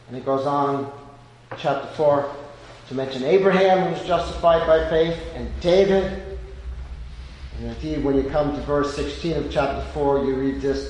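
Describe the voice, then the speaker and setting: Male preacher, high register, deliberate emphatic sermon delivery, very echoey hall, faint hiss. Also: darkish tone. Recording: echoey hall with long reverb.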